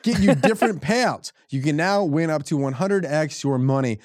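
A man's voice: fairly high pitch, normal speed, dry recording, studio quality. A man co-hosting a podcast, bantering and joking his way through an ad read. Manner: jokey, lively ad reads. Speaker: podcast co-host. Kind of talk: casual chat and live ad read.

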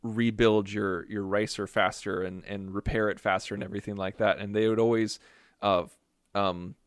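A man's voice: on the low side, little pitch movement, moderate pace, dry recording, clean studio sound. A man chatting on a podcast, rambling and teasing his co-host in a self-mocking way, filling his talk with "like". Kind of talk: casual podcast chat.

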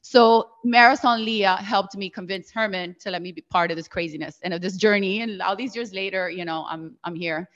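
A woman's voice: mid-range voice, fairly quick, hardly any pauses. A middle-aged woman, telling a story as a podcast guest and acting out the voices of the people she quotes. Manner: animated, acts out quoted voices. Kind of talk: casual storytelling. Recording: slightly dull lo-fi sound.

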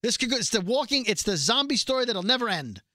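Guy podcast host, bright higher voice, talks fast and loose, dry close mic. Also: sing-song, no room sound. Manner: quick, chatty, reads aloud from a letter. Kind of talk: casual chat.

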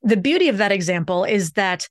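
A woman's voice: medium pitch, expressive, fairly quick, no echo. A woman speaks as an expert guest on a podcast. She teaches her points and shifts her pace to stress them. Her mid-range voice sits on a close, dry mic. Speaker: communication coach, podcast guest.

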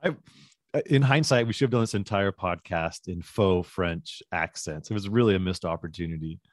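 A man's voice: low voice, moderate pace, no room sound. A man hosting a podcast, asking questions casually with dry, wry humor. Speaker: podcast host.

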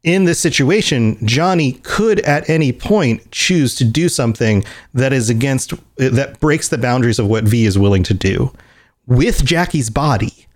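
In a relaxed chat, a man of medium pitch and normal speed tells a story about a game. His delivery is lively, with many restarts, and he acts out what the characters say.

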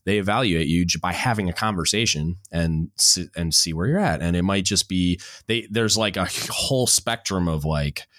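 Deep-voiced male podcast host. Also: moderate pace, few pauses, dry recording, studio quality. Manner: relaxed, rambling, lots of "like" and restarts. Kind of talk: casual conversation.

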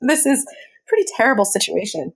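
A woman guest telling a personal story in an interview, candid and animated, laughing often. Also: fairly high pitch, fairly quick, creaky, husky.

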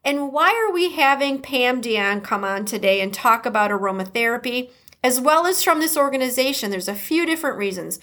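This animated podcast host has a high, slightly bright voice and talks a little quickly, with a Midwestern American accent. She chats her way cheerfully through the opening and the sponsor read, adding playful asides.

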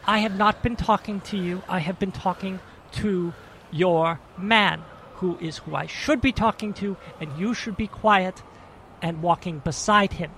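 A man's voice: high voice, unhurried, a bit bright, poor audio. A man playing a pompous, stammering prison guard in a tabletop game, condescending and self-righteous, over faint noise. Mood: threatening. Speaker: game master. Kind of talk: in-character tabletop role-play.

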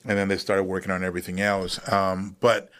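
A man in his thirties, a veteran guest on a podcast, telling his story in a relaxed, matter-of-fact way with many fillers. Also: low-pitched, a little fast, clear, resonant tone. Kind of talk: casual storytelling interview.

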